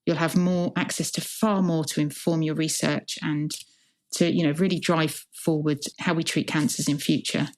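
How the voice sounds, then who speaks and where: A hospital chief information officer answers interview questions in a deep voice with flat delivery at a moderate pace. She's earnest and reflective, building her points up as lists.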